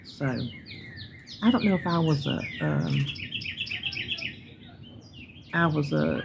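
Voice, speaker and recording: A woman's voice: low-pitched, wildly swooping pitch, slow pace, vocal fry, pauses often, noisy background. A middle-aged woman with a Southern US accent, chatting casually to her viewers in a rambling, folksy way, sitting outside in her yard. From North Carolina, US. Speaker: vlogger. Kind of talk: casual chat. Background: birds chirping.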